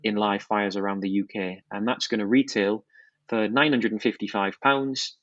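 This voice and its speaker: A man's voice: on the low side, steady tone, normal speed, fairly bright tone, no echo. Enthusiastic man, slightly dull sound. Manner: enthusiastic, fluent product talk with restarts. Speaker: watch brand founder, guest. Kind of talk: podcast interview.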